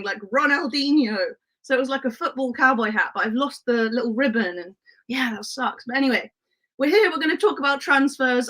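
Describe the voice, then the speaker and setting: A woman's voice: on the high side, fairly bright tone, low-quality recording. A young woman chatting on a football live stream, giggly and reading out chat messages.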